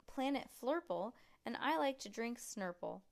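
A woman's voice: a little high, lively intonation, creaky, darkish tone, voice pushed up. A woman reading aloud, voicing an eager young boy who fires off facts and questions. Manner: eager, rapid-fire questioning. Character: chatty excitable young boy full of facts.

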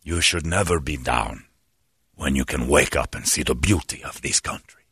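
A man voicing a gracious, overly formal bathroom attendant in his forties who speaks in smooth, flowery courtesies. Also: very deep voice, moderate pace, pushed and bright, no echo, studio quality, pitched below the performer's own voice, full character voice.

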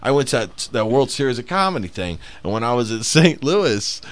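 A man who is a stand-up comic, telling profane, animated stories in a casual podcast chat. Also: medium pitch, a little fast. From South Bend, Indiana.

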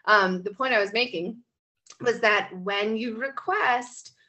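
A woman co-hosts a casual podcast, animated and quick to laugh, with plenty of swearing. Her voice is bright and edged, pitched a little high. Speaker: podcast co-host.

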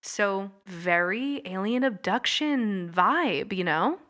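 A young woman telling a story on her podcast in a loose, chatty way. Her voice is bright and forward, and she drops in little laughs and plenty of fillers as she goes. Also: mid-range voice, lively intonation, slow. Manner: chatty, giggly, with frequent fillers. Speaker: podcast host.

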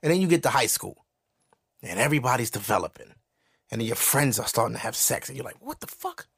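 Male podcast host, comic ranter, lively pitch, salty language. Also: quick pace, gravelly, husky. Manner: animated, profane storytelling with voiced asides. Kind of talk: casual comedic rant.

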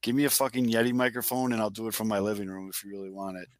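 A man's voice: on the low side, fairly even intonation, racing, dry recording. A man co-hosting a sports podcast, telling stories animatedly and swearing casually. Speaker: podcast co-host.

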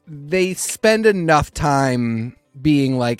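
A man co-hosts a comics chat in a fairly high, lively voice, rambling on and circling back on himself as he talks. The sound is close and dry, and faint music plays underneath. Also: unhurried, clean tone, dry recording. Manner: rambling, restarts mid-sentence, animated. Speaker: podcast co-host. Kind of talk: casual chat about comics.

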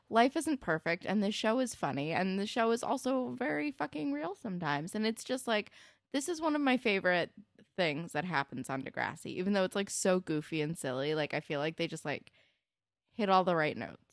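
A woman's voice: mid-range voice, big pitch swings, a little fast, no room sound, studio quality. A woman co-hosting a podcast, talking enthusiastically about a TV episode with plenty of swearing and fillers. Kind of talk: casual TV recap chat.

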